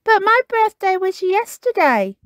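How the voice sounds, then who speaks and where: An excitable young puppy, eager and breathless, squeaking his lines in a high bright voice, loud and full of bounce as a woman reads him in a storybook. The sound is close and dry with no room around it. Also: unhurried, no echo. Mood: puzzled.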